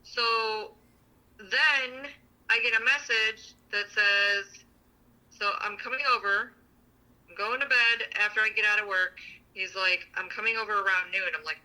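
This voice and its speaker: Bright-voiced woman venting bluntly. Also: medium pitch, moderate pace, poor audio. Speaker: podcast co-host. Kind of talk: casual chat.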